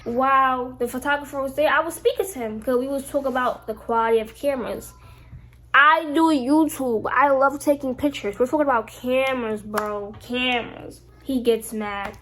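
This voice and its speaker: A young woman vlogger telling a casual storytime, animated and profane, acting out the lines of people in her story. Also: sits high, normal speed, slight background noise. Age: young adult. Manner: animated, swears freely, acts out quoted lines. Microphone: phone camera.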